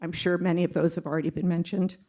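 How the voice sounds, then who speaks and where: Emotional older woman with a gravelly voice. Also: on the low side, level tone, fast talker, mellow. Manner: earnest, emotional, with filler ums. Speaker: public commenter, retired teacher. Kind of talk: reading a prepared public comment. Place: public meeting room.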